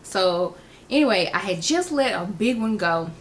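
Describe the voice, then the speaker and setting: A woman, telling funny personal stories in an animated way and acting out the quotes. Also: mid-range voice, normal speed, slight background noise. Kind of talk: casual storytelling vlog.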